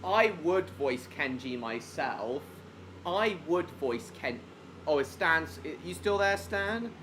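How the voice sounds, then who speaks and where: A man's voice: on the high side, lively intonation, takes it slowly, a bit bright, slight background noise. A man hosting a casual live stream, rambling and answering viewers by name mid-sentence, with lots of basically and reckon.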